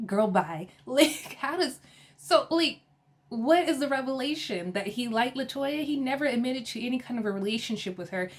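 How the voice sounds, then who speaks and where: A woman recapping a reality TV episode in a casual, sassy and animated way, with slang and laughter. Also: high-pitched, moderate pace. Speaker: TV episode reviewer.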